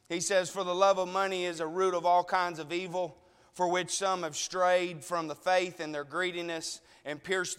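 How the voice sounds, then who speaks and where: A man's voice: sits high, fairly bright tone, clear, resonant tone, big-room sound. A man preaching a sermon, emotional and tearful, pressing his listeners with pleading questions.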